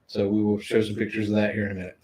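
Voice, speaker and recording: A man's voice: lowish voice, monotone, racing, dark tone, rough recording. A middle-aged man, chatting casually on a livestream and greeting viewers by name. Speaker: livestream co-host.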